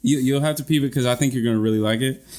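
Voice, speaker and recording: A man's voice: mid-range voice, very fast, a little mellow. A man co-hosting a podcast, talking in a laid-back, slangy way with many restarts. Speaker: podcast co-host. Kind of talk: casual chat.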